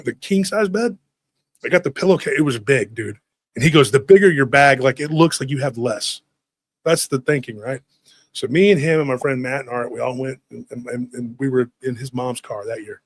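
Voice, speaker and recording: A man in his forties casually telling a lively childhood story, acting out family members' voices along the way. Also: medium pitch, fairly quick, no echo.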